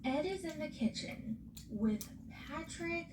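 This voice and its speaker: A woman with a fairly high voice recaps reality TV in casual, animated chat. She is blunt and swears freely. Her voice sounds roomy and distant, with steady noise in the background. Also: takes it slowly. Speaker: podcast host.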